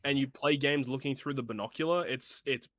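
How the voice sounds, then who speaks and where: Low-key, wry man on a dry mic. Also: fairly quick, fairly bright tone, no echo. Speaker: podcast co-host. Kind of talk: casual gaming chat.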